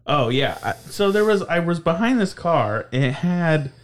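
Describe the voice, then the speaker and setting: A man co-hosting a comedy podcast, joking crudely and deadpan in casual chat. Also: fairly high pitch, moderate pace. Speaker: podcast co-host.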